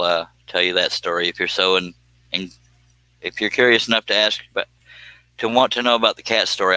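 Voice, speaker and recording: A man hosting a woodworking live stream chats casually and cracks jokes as he reads out viewer comments. His low voice sounds pushed and bright with a clean tone, and the recording is dry.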